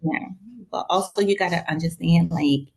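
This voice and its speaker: A woman's voice: lowish voice, moderate pace, gravelly. A woman with a Haitian-influenced accent, a guest chatting casually and acting out little quoted exchanges. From New York. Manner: expressive, acts out quoted exchanges. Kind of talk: casual conversation.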